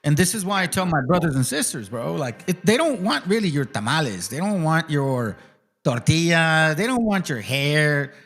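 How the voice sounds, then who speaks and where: A man hosts a podcast in casual, blunt chat full of swearing. His voice sits a little high and swings widely in pitch as he reacts. He sounds animated and direct. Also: moderate pace. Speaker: podcast host.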